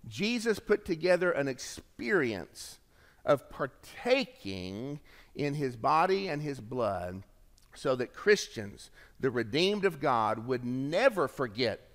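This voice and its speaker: A man preaching a sermon as pastor, swinging from emphatic lines to hushed, low endings. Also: very animated, takes it slowly. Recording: long reverb of a large hall.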